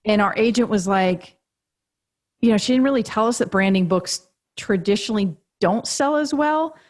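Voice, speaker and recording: Animated woman telling a story. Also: medium pitch, moderate pace. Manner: animated, laughs often, acts out quoted dialogue. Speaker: guest, agency co-founder and author. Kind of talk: casual interview storytelling. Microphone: podcast remote call.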